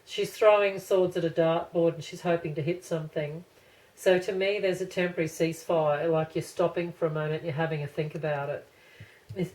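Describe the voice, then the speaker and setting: A woman's voice: sits low, darkish tone, rough recording. A woman giving a casual pick-a-card tarot reading to camera, rambling and thinking aloud with many restarts.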